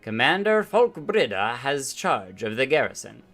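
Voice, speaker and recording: A man's voice: mid-range voice, big pitch swings, unhurried, fairly bright tone, soft background music. A man reading out a stern, commanding woman admiral from a game, in a mock-formal tone. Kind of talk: reading game dialogue aloud.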